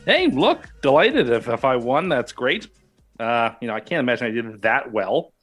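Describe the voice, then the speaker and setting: A man co-hosting a sports betting podcast, talking in a hesitant, halting way. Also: medium pitch, big pitch swings, fairly bright tone, no echo, soft background music. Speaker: podcast co-host. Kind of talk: casual sports betting chat.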